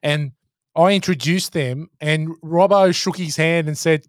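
A man's voice: a little high, measured pace, dry recording, studio quality. A man co-hosting a podcast, chatty and telling stories in casual talk. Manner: chatty storyteller. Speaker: podcast co-host. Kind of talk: casual chat.

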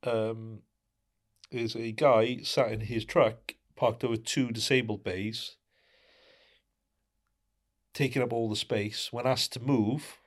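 A middle-aged man co-hosting a podcast, talking in an indignant way and firing off rhetorical questions. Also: medium pitch. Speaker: podcast co-host. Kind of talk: casual podcast chat.

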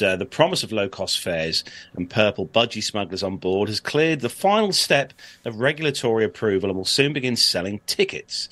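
A man's voice: lowish voice, a bit bright. A man hosting a live aviation podcast, chatting casually and reading news aloud with frequent "uh"s. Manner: friendly, chatty, reads news aloud with filler "uh"s. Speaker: podcast host.

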